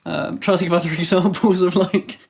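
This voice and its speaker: A man's voice: high voice, steady tone, fairly quick, gravelly. A young man co-hosting a casual football podcast, rambling with lots of "like" and acting out little quotes. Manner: rambling, heavy on "like", acts out quotes. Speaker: podcast co-host, Arsenal fan. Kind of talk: casual chat.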